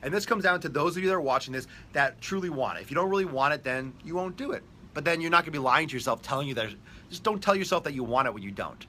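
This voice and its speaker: A man's voice: on the high side, animated, quick pace, pushed and bright, slight background noise. A man hosting a live-stream fitness show, talking in a brash, profane, hyped-up motivational way. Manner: brash, profane hype talk. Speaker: fitness coach host.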